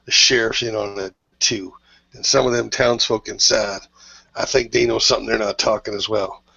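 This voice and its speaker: Gravelly blunt-talking male player. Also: on the low side, fairly even intonation, moderate pace, pushed and bright, no room sound, highs cut off. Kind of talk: in-character tabletop play.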